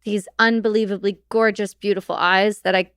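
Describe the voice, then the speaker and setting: A woman speaking as a podcast guest, telling her story in an animated, casual way and swearing freely. Her voice is smooth and clear at a mid pitch. The recording is close and dry. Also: a little fast, no room sound.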